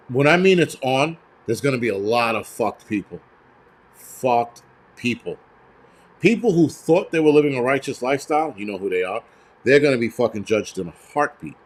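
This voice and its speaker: A man hosting a live stream, ranting bluntly and profanely with many fillers while answering viewers in the chat. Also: medium pitch. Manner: reads out viewer donations and chat. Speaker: livestream host.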